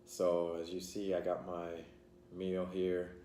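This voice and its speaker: Man, very low voice, casual vlog chat, talks while eating, echoey room with faint noise. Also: monotone, slow, mellow. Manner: rambling, eats while talking, many fillers. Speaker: channel host.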